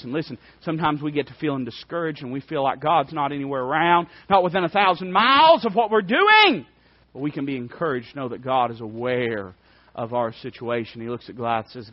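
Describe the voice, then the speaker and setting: A man preaching a sermon with fervor, swinging between quiet asides and loud declarations. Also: mid-range voice, animated, a little fast, dry recording. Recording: dry, dull lo-fi sound.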